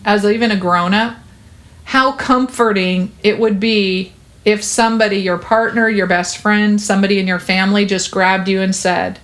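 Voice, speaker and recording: On her podcast, a woman chats about child development, earnest and reassuring, with lots of "like" and "you know." Her medium-pitched voice is a bit bright, fairly even in intonation, and moderately paced.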